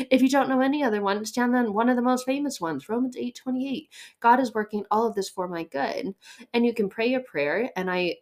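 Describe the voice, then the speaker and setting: A woman's voice: on the high side, expressive, brisk. A woman hosting a faith podcast, giving an earnest, conversational devotional talk with light laughs and repeated phrases for emphasis.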